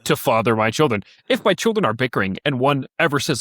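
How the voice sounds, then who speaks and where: Animated storytelling man, mid-pitched. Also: fast, no room sound, clean studio sound. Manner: animated storyteller, acts out voices, laughs often. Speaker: podcast co-host. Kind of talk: casual storytelling chat.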